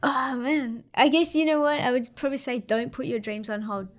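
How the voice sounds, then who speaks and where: A woman in her thirties with an Australian accent, chatting casually as an interview guest in a relaxed, slangy way with lots of fillers. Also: sits high, moderate pace. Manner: laid-back, slangy, many fillers. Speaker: interview guest, para-surfer.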